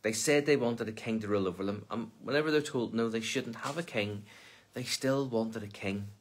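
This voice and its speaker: Reading scripture for Lent, a male minister follows the passage with a plain, conversational explanation. He has a lowish voice and keeps a moderate pace.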